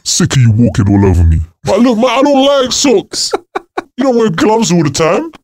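A man voicing his own grumbling, overworked legs, low and slangy. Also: big pitch swings, moderate pace, a little mellow, dry recording, clean studio sound. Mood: indignant. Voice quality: low gruff mutter, slangy. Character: grumpy overworked male legs, fed up.

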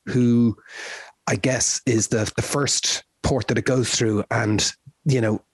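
Man, husky voice, fairly low, casual podcast chat, dry sound. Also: fairly even intonation, slow pace, no echo. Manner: conversational, asks leading questions. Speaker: podcast co-host. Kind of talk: casual music history chat.

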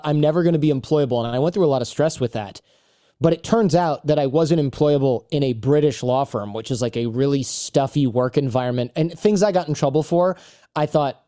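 A man's voice: mid-range voice, no echo, clean studio sound. A man in his thirties, a guest on a podcast, chatting casually and acting out quotes as he tells stories. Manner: animated storyteller who acts out quotes. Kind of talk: casual interview chat.

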